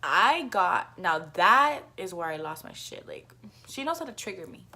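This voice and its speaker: A woman's voice: fairly low pitch, big pitch swings, normal speed, sharp tone. A young woman telling a casual storytime vlog, chatty, swearing freely and acting out the voices of the people in her story. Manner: chatty, swears a lot, acts out voices in quotes. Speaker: vlogger.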